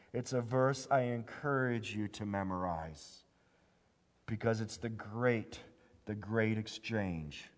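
Slow, deliberate preacher in a reverberant hall. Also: male voice. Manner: wide swings from hushed low lines to loud emphatic ones; slow, deliberate delivery with drawn-out scripture quotes. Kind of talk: sermon.

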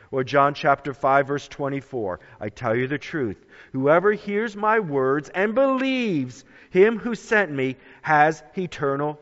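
Male preacher, high animated delivery, unhurried; dull lo-fi sound with long reverb. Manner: dramatic, emphatic, drawn-out phrasing. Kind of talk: sermon.

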